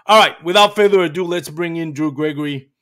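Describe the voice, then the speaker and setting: A man's voice: a little high, fairly quick, a bit bright. A man hosting a fishing live show, reading sponsor notes and interviewing loosely, with "um" and "uh" fillers. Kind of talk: sponsor reads and casual interview.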